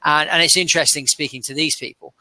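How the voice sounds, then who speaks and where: A man's voice: on the high side, steady tone, fast talker, pushed and bright, no echo. A man with an English accent chatting casually as an interview guest, thinking aloud and restarting his sentences. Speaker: interview guest, aircraft dealer. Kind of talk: casual chat.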